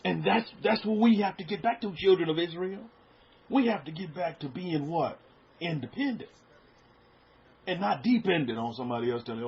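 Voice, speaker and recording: A middle-aged man preaching in a relaxed, conversational way, stumbling over repeated words and dropping into soft asides. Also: on the high side, normal speed, a little hiss or hum. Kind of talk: sermon. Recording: dull lo-fi sound.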